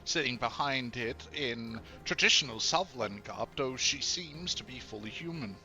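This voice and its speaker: A man narrating a tabletop game as game master, slowly searching for words with many fillers. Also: mid-range voice, animated, bright, forceful tone, soft background music.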